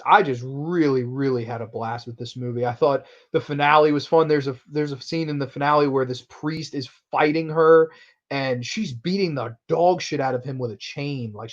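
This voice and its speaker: A man hosting a casual horror movie review, excitable and profane, often laughing. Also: medium pitch, normal speed. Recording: muffled lo-fi recording.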